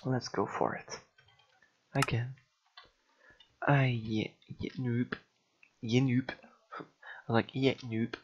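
A man's voice: mid-range voice, little pitch movement, slow, pauses often, dull audio, a little hiss or hum. A man giving casual gameplay commentary, frustrated and sighing, mocking himself as he mutters along. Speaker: gamer.

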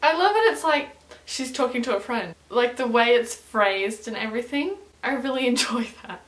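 A young woman with a fairly high voice chats excitedly, gushing and stringing her thoughts together with constant fillers. Her voice bounces around a small echoey room. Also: moderate pace. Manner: chatty and gushing, filler-heavy with lots of "like". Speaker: music reaction vlogger. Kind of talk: casual reaction chat.

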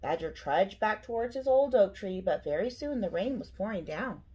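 A middle-aged woman, a school principal, reading a picture book aloud to children with expressive storytelling. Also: mid-range voice, normal speed, slightly rough, muffled recording.

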